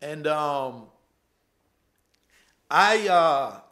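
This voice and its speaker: A man in his thirties preaching a sermon, his voice fairly high and bright. He talks in a loose, conversational way. He repeats his key lines for emphasis and laughs easily between them. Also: expressive, extremely slow. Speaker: pastor.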